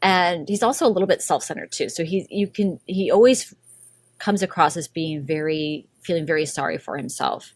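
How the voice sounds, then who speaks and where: Chatty woman podcast host, low voice. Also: normal speed, dry recording. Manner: giggly, chatty, lots of "like" fillers. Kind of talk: casual storytelling chat.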